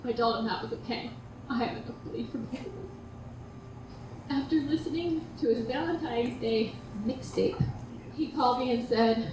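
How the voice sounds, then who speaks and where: At a memorial gathering, a woman gives a heartfelt eulogy and toast for her late partner, telling stories with tenderness. Her voice is a little high and her pace moderate. The recording has an echoey room, a distant mic and background noise.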